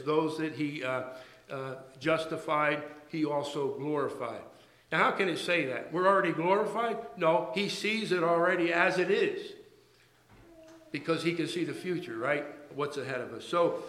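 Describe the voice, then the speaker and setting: A man preaching a sermon to his church, halting and restarting his words, then pressing his points with emphasis. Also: on the high side, bright, forceful tone, roomy sound, poor audio. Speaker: pastor.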